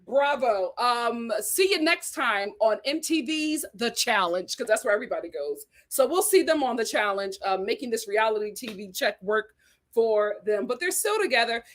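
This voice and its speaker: A woman's voice: fairly high pitch, lively intonation, moderate pace. A woman hosting a live reality TV review, talking in a sassy, dramatic way and laughing often. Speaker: reality TV review show host. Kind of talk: animated live review chat.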